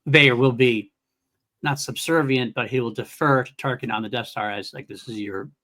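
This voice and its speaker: A man co-hosts a casual podcast chat in a bright, ringing voice. He talks in an animated way, laughs often and keeps restarting his sentences. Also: mid-range voice, normal speed. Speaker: podcast co-host.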